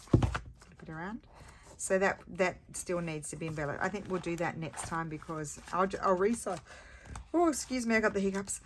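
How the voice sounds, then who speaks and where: Low-voiced chatty woman crafting. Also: fairly bright tone, a little hiss or hum. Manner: chatty, rambling, homely. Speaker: craft video host. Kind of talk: casual chat while crafting.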